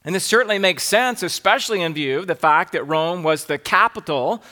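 A Southern American pastor delivers an expository sermon in a high, ringing voice. He moves through his outline point by point and reads scripture passages aloud as he teaches. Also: lively intonation, fairly quick, pushed and bright.

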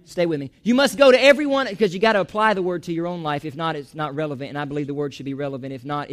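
A man preaching a sermon in a church, animated, joking and going off on asides. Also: fairly high pitch. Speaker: pastor.

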